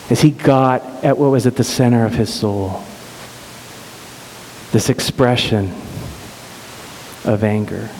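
A middle-aged man telling a heartfelt personal story at an even, mid-range pitch, often halting and restarting. His voice trails off into a long hall reverb over a light background hiss. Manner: earnest, halting with restarts and repeated words. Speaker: speaker sharing a personal story. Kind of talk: emotional personal storytelling talk.

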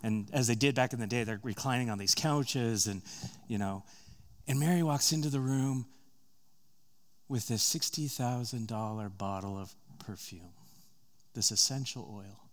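A man delivers a sermon built around a retold story and casual asides. His voice climbs in volume and pitch at the tense moments and drops to soft, slow tones at others.

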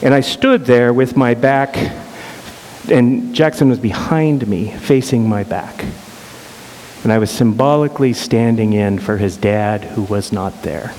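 A middle-aged man telling an emotional personal story earnestly, often halting and repeating words. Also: lowish voice, darkish tone. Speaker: speaker sharing a personal story. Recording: reverberant hall with faint hiss.

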